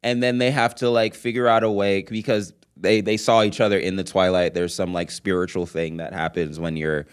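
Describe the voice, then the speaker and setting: Low-voiced man in excited casual chat. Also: brisk, hardly any pauses, clean tone. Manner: excited, swears, acts out quotes. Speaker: podcast co-host.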